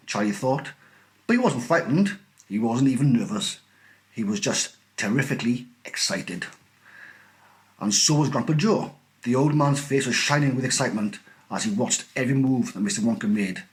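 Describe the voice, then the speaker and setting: Teacher guy reading a kids book out loud, lively and expressive. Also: medium pitch, moderate pace. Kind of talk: storybook read-aloud.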